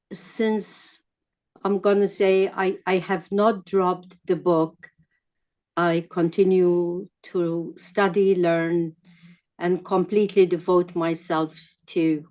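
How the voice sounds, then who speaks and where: A woman sharing her thoughts in an online class, halting and heartfelt, on a video call. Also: fairly low pitch, level tone, darkish tone, highs cut off. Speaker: class participant.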